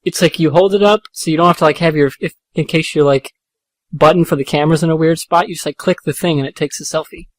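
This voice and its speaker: A man's voice: a little high, fairly even intonation, fast, no room sound. A young man joking loosely and swearing in a casual podcast chat. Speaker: podcast co-host.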